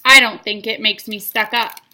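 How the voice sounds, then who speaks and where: A woman's voice: fairly high pitch, fairly even intonation, moderate pace, pushed and bright. A woman reading the lines of a sulky, upset older sister who answers curtly. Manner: curt, sulky.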